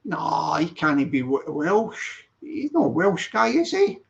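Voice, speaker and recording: A man rambles through a casual live-stream chat, stopping to read the chat and correct himself. His voice sits high and has a gravelly edge. The recording sounds dull and lo-fi. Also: wildly swooping pitch, slow. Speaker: channel host.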